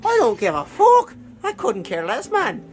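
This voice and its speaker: A man's voice: very high voice, wildly swooping pitch, normal speed, voice pushed up, exaggerated voice, low-quality recording. A man voicing his pet dog as a carefree, foul-mouthed male dog who brags and swears. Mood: cheeky carefree. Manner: cheeky, swearing, boastful.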